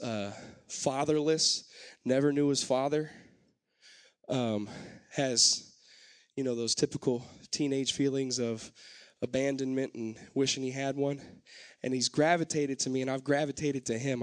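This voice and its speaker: A man preaching a sermon, moving between loud, fervent exhortation and quiet, personal storytelling. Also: medium pitch, fairly even intonation, unhurried. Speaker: pastor.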